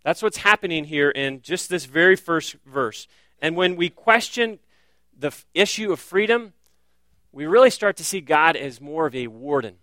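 A man's voice: on the high side, expressive, moderate pace, a bit bright, no room sound. A man preaching a sermon as pastor, earnest and direct, often driving points home with rhetorical questions.

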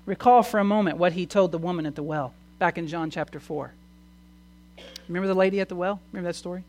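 Preacher swinging from loud to hushed. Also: mid-range voice. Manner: swings from loud proclamation to quiet conversational asides; asks the audience many questions. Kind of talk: sermon.

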